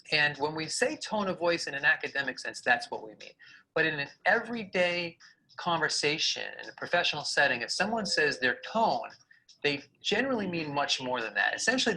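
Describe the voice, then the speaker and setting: A man delivers a prepared video lesson on communication with a crisp, bright, forward voice. He explains carefully and now and then acts out what he is describing. It sounds like a video being played in a room. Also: medium pitch, poor audio. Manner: clear explanatory delivery with vocal demonstrations. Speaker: communication coach.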